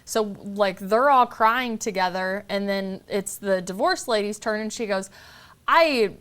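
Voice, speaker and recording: Chatty woman telling lively stories. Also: mid-range voice, measured pace, clean tone. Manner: chatty storyteller, acts out quotes, lots of "like". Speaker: podcast guest. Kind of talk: casual conversational interview.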